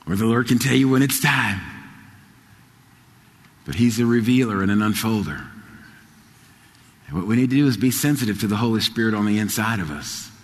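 A man's voice: lowish voice, fairly quick, pauses often. Man preaching in a reverberant hall. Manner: swings from soft storytelling to loud, rising exhortation. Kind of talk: sermon.

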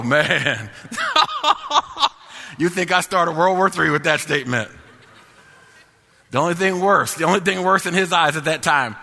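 A man preaching his testimony, his voice bright and a little raised in pitch. He talks emphatically, repeating lines and building them into sung-out crescendos. A long hall reverb hangs behind every phrase. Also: creaky. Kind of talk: sermon testimony.

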